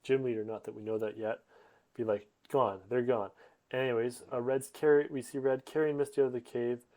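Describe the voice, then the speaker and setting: Man, casual rambling retelling, lots of ums, mid pitch. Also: flat delivery, a little fast, dark tone. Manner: rambling, many fillers and restarts, voices characters loosely. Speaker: narrator summarizing a comic.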